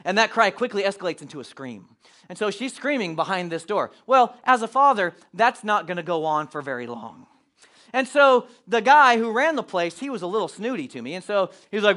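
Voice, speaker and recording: A middle-aged pastor telling a family story in a sermon, animated and acting out the quotes. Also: male voice, sits high, brisk.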